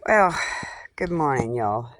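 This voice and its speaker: Slow-talking profane woman. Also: animated, slight background noise. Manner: coos high-pitched baby talk to her pet birds; blunt and profane, says y'all. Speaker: vlogger. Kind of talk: casual chat to camera. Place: at home with pet birds. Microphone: camera on a tripod.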